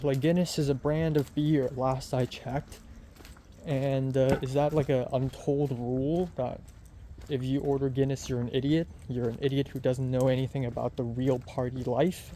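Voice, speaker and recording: A man's voice: medium pitch, dark tone, a little hiss or hum. A man in his twenties telling a story in a casual vlog, rambling and chatty with lots of fillers. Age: 20s. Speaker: vlogger.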